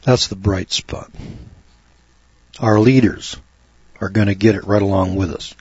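A man preaching a fervent sermon, emphatic and given to repeating words, his voice climbing high when he gets worked up. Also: fairly even intonation, a little slow, a little mellow, breathy edge, no echo. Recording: dull, dry lo-fi recording.

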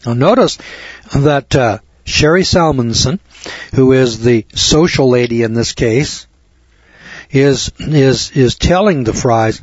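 A man's voice: medium pitch, takes it slowly, breathy edge, no echo. A man lecturing a live audience in an emphatic way, repeating key words and adding wry asides. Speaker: speaker addressing an audience. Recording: dull lo-fi recording.

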